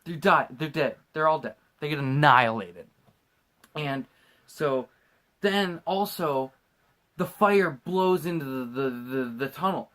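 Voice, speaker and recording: A man hosting a podcast, drunk, recapping a movie in a rambling, swearing, animated way. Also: fairly high pitch, a little slow. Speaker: podcast host.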